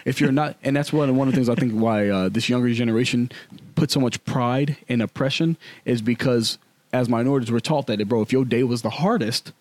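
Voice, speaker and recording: 30s guy cohosting a podcast, slangy and candid, mid pitch, dead dry room. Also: brisk, a little mellow, no echo. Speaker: podcast co-host. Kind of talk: casual chat.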